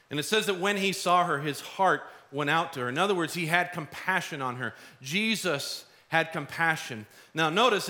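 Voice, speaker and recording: A pastor preaching a sermon in an earnest, conversational way, acting out short asides. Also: male voice, high voice, sharp tone.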